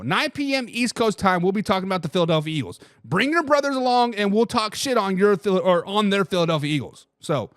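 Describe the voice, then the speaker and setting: Animated high-pitched man hosting a live chat. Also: no room sound, clean studio sound. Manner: animated, excitable, repeats lines; swears casually, addresses chat as guys. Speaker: livestream sports talk host. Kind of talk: casual livestream chat reading viewer comments.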